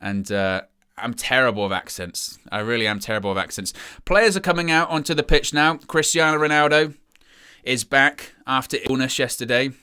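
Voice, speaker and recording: A man's voice: medium pitch, moderate pace, sharp tone, clear, resonant tone. A young man hosting a live match watchalong, chatting casually and reading out viewer comments with a self-deprecating, rambling manner. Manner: rambling with frequent restarts and "you know". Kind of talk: casual live-stream chat.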